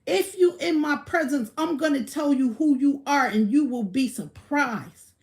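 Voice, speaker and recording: Slow-talking blunt woman ranting on a livestream. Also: high-pitched. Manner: blunt, profane, boastful. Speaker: livestream host. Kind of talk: casual livestream rant.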